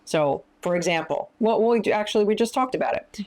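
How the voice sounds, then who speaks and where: A woman's voice: mid-range voice, a little fast, a little mellow. A woman counselor and minister teaching in an interview, speaking emphatically and giving practical advice. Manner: emphatic, often acting out quoted lines.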